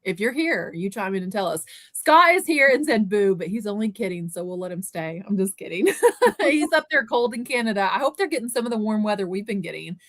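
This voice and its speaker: A woman's voice: medium pitch, animated, brisk, dry recording. A woman hosting a casual livestream chat, greeting viewers by name in a chatty way. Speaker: livestream host.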